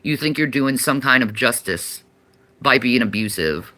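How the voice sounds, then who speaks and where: A man's voice: mid-range voice, expressive, unhurried, bright, forceful tone, slight background noise. A man talking defensively on a live stream, justifying himself in a casual way. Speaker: streamer in a played clip.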